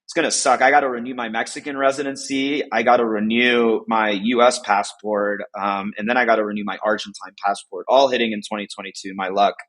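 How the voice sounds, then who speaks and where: A man's voice: on the low side, fairly even intonation, a little fast, few pauses, fairly bright tone, low-quality recording. A man from the United States, a podcast guest, chatting casually and rambling with lots of "like" fillers. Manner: rambling, heavy use of "like" fillers.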